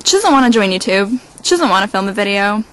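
A woman's voice: medium pitch, lively intonation, fast talker, fairly bright tone, rough recording. A young woman vlogging casually in a snowy backyard, playful and self-mocking, talking into a handheld camera. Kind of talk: casual vlog.

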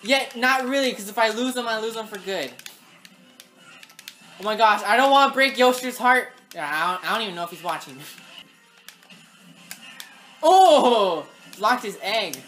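A woman giving live gameplay commentary, excitable, talking to the game and yelling at opponents. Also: a little high, moderate pace, long pauses, soft background music. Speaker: gaming channel host.

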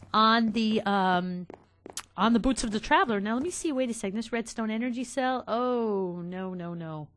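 A woman hosting a game let's play, chatting casually to her viewers and getting excited easily. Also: medium pitch. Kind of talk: casual gameplay commentary.

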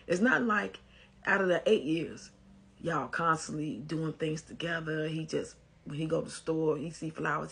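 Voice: mid-range voice, vocal fry, breathy edge. An advice commentator, reading a post aloud and giving blunt, scolding commentary in a casual way.

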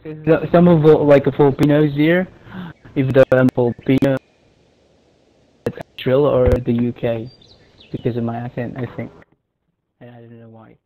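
A man's voice: mid-range voice, flat delivery, normal speed, pauses often. A man vlogging in a casual voice chat, joking and teasing as he talks. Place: virtual-world voice chat. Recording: tinny voice-chat audio, faint hiss.

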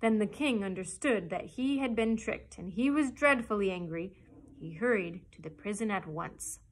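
A woman librarian reading a children's chapter book aloud in a gentle storytelling manner. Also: mid-range voice, normal speed, low-quality recording.

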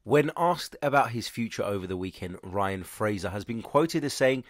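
Male podcast host, lowish voice, stuffy and congested, chatty and opinionated, dry close sound. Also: expressive, normal speed, no room sound. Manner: chatty and opinionated, addresses listeners directly. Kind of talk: transfer news update.

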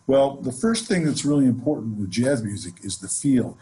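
A man teaching jazz improvisation in a relaxed, conversational way, counting off beats between demonstrations. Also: mid-range voice, normal speed, faint music behind, poor audio. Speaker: jazz music instructor. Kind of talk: explaining and demonstrating on instrument. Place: home studio, online session.

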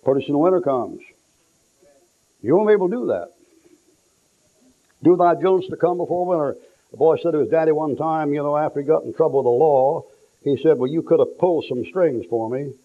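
A man preaching a sermon, telling folksy stories and acting out the people in them, sometimes shouting for effect. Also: a little high, lively intonation, a little fast, long pauses. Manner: folksy storytelling, acts out quotes, shouts for effect. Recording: tinny lo-fi phone-like sound.

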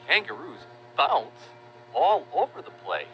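A man narrating a children's educational video, playful and animated, spelling out words slowly for young viewers. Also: medium pitch, faint music behind, poor audio.

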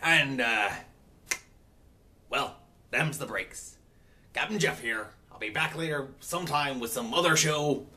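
A man's voice: medium pitch, a little slow, pauses often, sharp tone. A man running his own channel, talking in hammy pirate speak in a rambling, self-correcting casual vlog. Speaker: channel owner.

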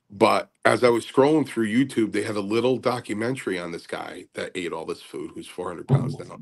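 A low-pitched older man with a gravelly edge talks casually, circling back and repeating himself as he rambles. He has the halting, filler-heavy delivery of a former wrestler telling stories on his own show. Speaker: podcast host and former wrestler.

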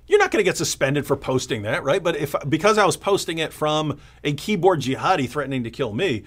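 A man's voice: a little high, fast talker, hardly any pauses. A man co-hosting a casual live stream, telling stories with lots of energy and acting out other people's lines. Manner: animated storytelling, mimics opponents. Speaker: co-host.

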